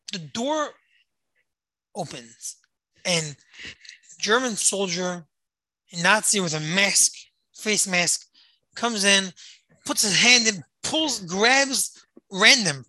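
A storyteller retelling an emotional story, dramatic, repeating phrases for emphasis and swinging between rising intensity and hushed lines. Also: mid-range voice, expressive, takes it slowly, long pauses, no room sound, poor audio.

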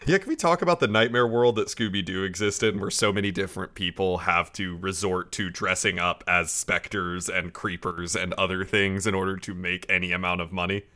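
A man's voice: deep voice, fairly quick, few pauses. A man casually recapping an episode with friends, rambling with lots of fillers. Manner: rambling, relaxed storytelling with many fillers. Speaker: podcast co-host recapping an episode. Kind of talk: casual chat.

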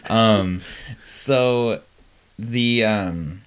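A man co-hosting a podcast in casual, rambling chat, laughing often and filling pauses with "um". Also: lowish voice, clean tone. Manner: animated, laughing, rambling with fillers. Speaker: podcast co-host.

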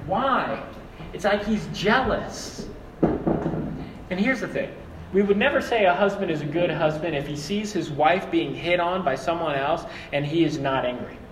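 Young guy pastor preaching, high voice, lively, acts out voices, echoey hall from far off. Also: noisy background. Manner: animated, acts out quoted voices. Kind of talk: sermon.

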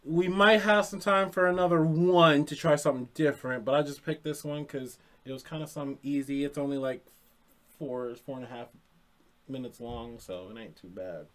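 A man's voice: medium pitch, moderate pace, a bit bright. A man hosting a reaction video, talking in a laid-back, slangy way. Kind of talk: casual reaction commentary.

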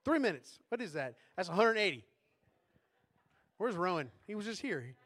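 A man's voice: high voice, lively intonation, normal speed, fairly bright tone. A man preaching a sermon as a pastor in a conversational way, often checking in with tag questions.

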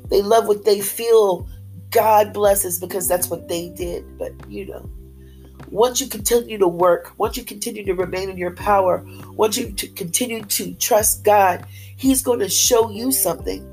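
A woman's voice: mid-range voice, normal speed, darkish tone, soft background music, low-quality recording. A woman giving an upbeat, faith-based motivational talk straight to her listeners. She talks with a lot of pep and repeats her phrases for emphasis. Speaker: motivational speaker.

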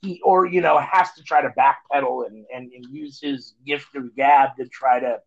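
On dull, lo-fi phone audio, a man co-hosting a podcast chats and rambles casually, full of fillers and restarts. He speaks at normal speed and medium pitch, with fairly even intonation and vocal fry.

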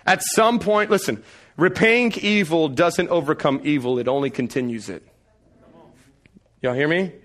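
A man in his thirties preaching a sermon, telling family stories with animated delivery and acted-out voices. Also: on the high side, a little slow, pauses often. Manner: animated storytelling, acts out voices. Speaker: pastor.

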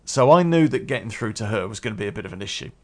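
A man's voice: on the low side, expressive, racing, darkish tone. A man telling a story from his past in a casual, rambling way, with restarts and swearing.

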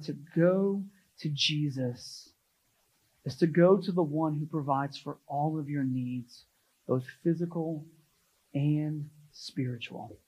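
Emphatic male preacher, somewhat high voice. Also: husky, highs cut off. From United States. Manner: emphatic, rising on listed words then dropping low and soft. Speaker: pastor. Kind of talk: sermon.

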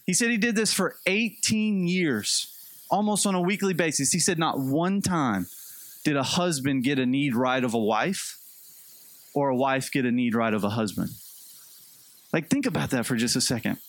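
A man's voice: medium pitch, lively intonation, normal speed, no room sound. A man preaching a sermon in a conversational, storytelling way with light humor. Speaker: pastor.

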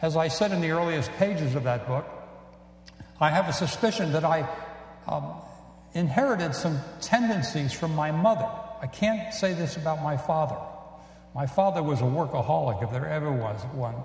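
An older man preaching a sermon in a reflective, earnest way, with pauses and fillers. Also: on the high side, darkish tone. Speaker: pastor. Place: church sanctuary. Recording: echoey church hall.

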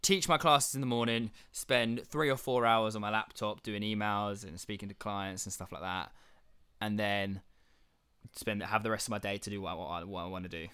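Bright, clear-voiced young man. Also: lowish voice, moderate pace, dry recording. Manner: animated storytelling, swears freely, acts out quotes. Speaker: podcast co-host. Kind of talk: casual chat, storytelling.

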